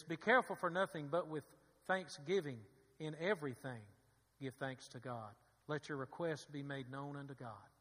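Pastor, male, fervent sermon delivery, bright forceful tone, reverberant church sanctuary. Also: a little high. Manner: preaching with rising fervor and call-and-response asides. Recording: long hall reverb.

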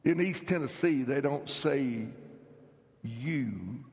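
Gravelly guy preaching in church, goes from shouting to whispering, big echoey room. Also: mid-range voice, a little slow. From North Carolina. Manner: emphatic revival preaching, swinging from shouts to hushed whispers. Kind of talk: sermon. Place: church sanctuary.

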